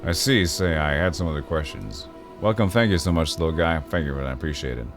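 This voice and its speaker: A man's voice: extremely low pitch, a little fast, over music. A man streaming a story game, reading the narration and joking with his chat in a self-deprecating way. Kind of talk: reading a game aloud on a livestream, chatting with viewers.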